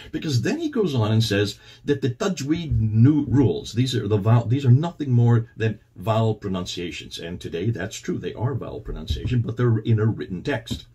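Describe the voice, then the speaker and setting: A man's voice: mid-range voice, dark tone, breathy edge. A man hosting and commenting on a played clip, explaining in detail and citing references. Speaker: host and commentator.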